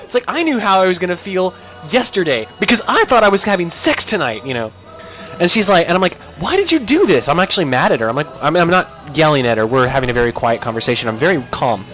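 A young man telling a comic story on a podcast, animated and profane, jumping into loud yelps when he acts out his own lines. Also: on the high side, quick pace, faint music behind.

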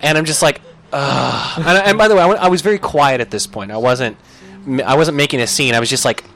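A young man telling a comic story on a podcast, animated and profane, jumping into loud yelps when he acts out his own lines. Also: on the high side, fast talker.

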